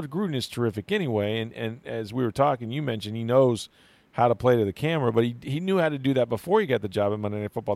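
A man's voice: medium pitch, darkish tone, no echo. A man hosting a sports show, chatting casually about football with lots of fillers and restarts. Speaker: sports radio host.

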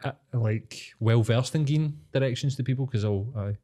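A man's voice: mid-range voice, normal speed, warm tone. A man with a Glaswegian accent, co-hosting a podcast, chatting casually and telling sweary stories, acting out the people in them. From Scotland. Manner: sweary, storytelling, acts out quoted voices. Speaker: podcast co-host. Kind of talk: casual chat.

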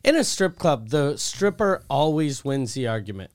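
A man's voice: mid-range voice, big pitch swings, moderate pace. A man co-hosting a comedy podcast, telling crude stories in casual chat and acting out the people in them. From Quebec, Canada. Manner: crude storytelling, acts out the people in his stories. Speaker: podcast co-host.

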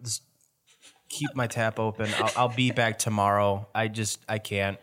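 A man voicing a downtrodden man at a tavern bar, talking in halting, defeated bits in a tabletop game. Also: on the low side, fairly even intonation, a bit bright.

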